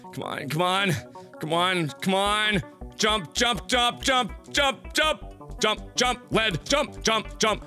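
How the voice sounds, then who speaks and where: High, rattly melodramatic young man gaming. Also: a little slow, pushed and bright, soft background music. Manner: melodramatic, raging and whining at the game; pleading, chanting repeated words. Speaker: gaming video host. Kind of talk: let's play commentary.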